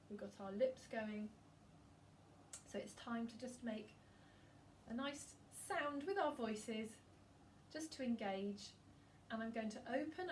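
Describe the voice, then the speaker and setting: A woman singing teacher gently guiding a breathing and vocal warm-up, giving calm, encouraging instructions. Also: fairly high pitch, recorded from a distance, slight background noise.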